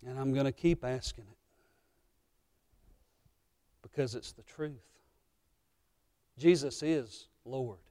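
A man preaching a sermon as pastor, emotional and impassioned, swinging between loud passages and hushed ones. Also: medium pitch, slow, pauses often.

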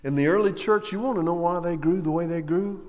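A male preacher giving a sermon, swinging between loud, emphatic lines and hushed, slow ones. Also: high-pitched, in a large hall.

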